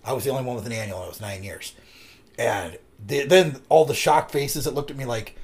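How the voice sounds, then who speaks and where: A man's voice: medium pitch, brisk. A man co-hosting a podcast, telling a rambling personal story in casual chat and swearing freely as he goes. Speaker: podcast co-host.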